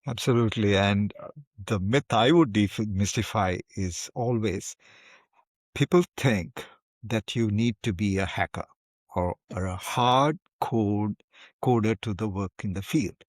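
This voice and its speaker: A man's voice: on the low side, a little slow, no echo, studio quality. A man hosting an interview podcast, speaking emphatically and often repeating the first word of a sentence. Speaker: podcast host. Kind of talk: interview conversation.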